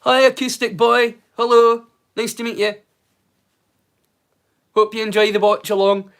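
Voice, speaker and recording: His voice is high, clear and resonant, held to a steady tone and a slightly slow pace. As host of a casual livestream watch-along, the man jokes, chats and swears freely with viewers and greets them with loud brightness.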